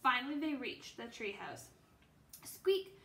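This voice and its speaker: A woman reads a children's chapter book aloud in a gentle storytelling manner, with the occasional slip and correction. Her voice is bright and a little high. The room is echoey, with faint noise behind her. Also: normal speed. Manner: gentle storytelling with small slips. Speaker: reader.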